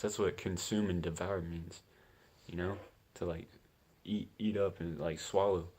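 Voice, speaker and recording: A man's voice: sits low, steady tone, a little slow, darkish tone, slightly rough. A man giving casual commentary as he reads scripture, laid-back and chatty, often laughing and saying "man.". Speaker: scripture teacher.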